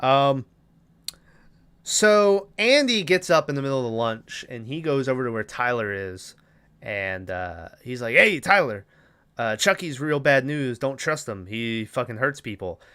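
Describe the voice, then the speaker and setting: Young male podcast host, crisp and bright, loose profane recap with offhand character voices. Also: medium pitch, lively intonation. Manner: loose, profane plot retelling with quick put-on character voices. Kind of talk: casual chat.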